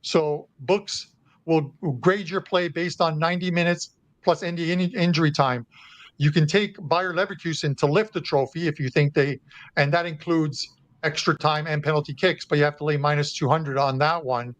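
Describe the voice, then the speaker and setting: A man's voice: on the high side, fairly even intonation, normal speed, no room sound. A man appearing as a guest handicapper, talking through his soccer and hockey betting plays in a chatty way. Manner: chatty, with frequent uh fillers and restarts. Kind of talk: sports betting analysis.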